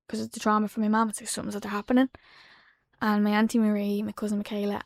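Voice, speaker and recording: A woman in her twenties with an Irish accent, a podcast guest telling a personal story in a soft, halting way that drops to a hush. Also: mid-range voice, flat delivery, vocal fry, no echo, studio quality. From Ireland. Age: 20s. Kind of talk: emotional personal account. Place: podcast studio.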